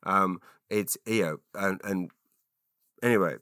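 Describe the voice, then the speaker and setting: Low-voiced, bright-toned man rambling. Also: slow, clean tone, no echo, clean studio sound. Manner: chatty, rambling, many ums and restarts. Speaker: podcast host. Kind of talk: solo rambling monologue.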